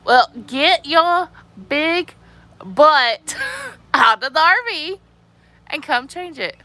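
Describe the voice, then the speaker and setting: Giggly woman with a bright childlike voice. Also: high voice, slow pace, no echo. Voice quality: childlike, youthful-sounding voice. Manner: giggly, animated, laughs often. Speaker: livestreamer. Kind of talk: casual live chat reading viewer comments.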